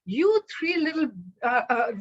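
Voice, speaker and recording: A woman's voice: sits high, lively intonation, a little slow, muffled recording. A woman voicing an angry father raven scolding his ungrateful chicks. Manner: harsh, scolding.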